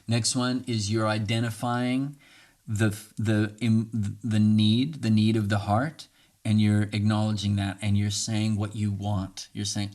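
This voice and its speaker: A man's voice: lowish voice, fairly even intonation, takes it slowly. A man hosting a podcast, earnestly teaching communication tools and acting out sample dialogue. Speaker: podcast host. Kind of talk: casual teaching monologue.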